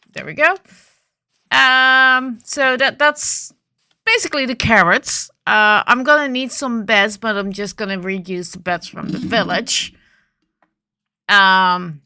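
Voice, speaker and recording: A woman's voice: medium pitch, sharp tone, clear, resonant tone, dry recording. A woman with a morning voice casually commenting on her gameplay, thinking aloud with frequent ums and restarts. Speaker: gaming video host.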